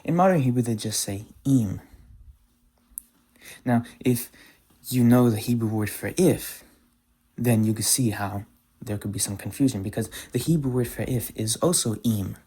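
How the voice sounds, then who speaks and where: A man teaching pronunciation in a patient explanatory lesson, repeating example words slowly. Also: medium pitch, warm tone, husky.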